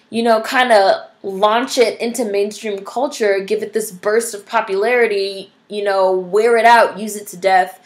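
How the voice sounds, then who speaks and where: A young adult woman vlogging, ranting bluntly and profanely, full of "like" and "you know". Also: on the high side. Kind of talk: casual ranting commentary to camera.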